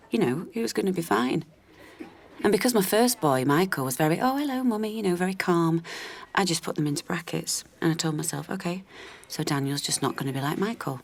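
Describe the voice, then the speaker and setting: An actress playing a worn-down, loving mother of an autistic boy, speaking in a halting, confessional way that often drops to a near whisper. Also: fairly low pitch. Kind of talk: radio drama monologue.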